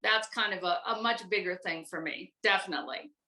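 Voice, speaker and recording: An older American woman recalling her acting career in a relaxed, rambling chat full of fillers. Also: on the low side, fairly quick, reverberant, poor audio. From United States. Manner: chatty, rambling with many fillers. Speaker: guest voice actress. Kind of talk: casual interview chat.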